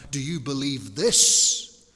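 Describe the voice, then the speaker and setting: A man preaching an expository Bible study, slow and deliberate, with rhetorical questions and frequent restarts. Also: medium pitch, lively intonation, bright, forceful tone, long reverb tail.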